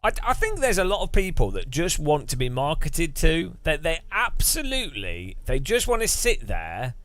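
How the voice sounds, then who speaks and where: Lively, bright-voiced male streamer. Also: fairly high pitch, normal speed, dry recording. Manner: rambling, musing, with frequent restarts and laughs. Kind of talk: casual live-stream chat.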